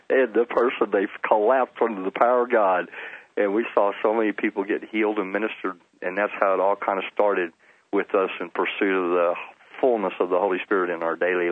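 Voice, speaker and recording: A man's voice: fairly low pitch, steady tone, brisk, dry recording. A middle-aged man, a Baptist pastor, earnestly telling his testimony in an interview, often repeating words for emphasis. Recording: dry, phone-like line.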